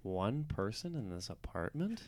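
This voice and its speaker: Slow, offhand male sketch narrator. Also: fairly low pitch, sing-song, a little hiss or hum. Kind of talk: improvised comedy narration.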